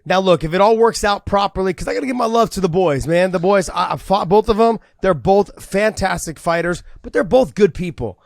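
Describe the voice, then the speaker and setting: A man and former fighter co-hosting a casual podcast, excited and talking fast, acting out quoted lines. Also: high voice, vocal fry, no echo, clean studio sound.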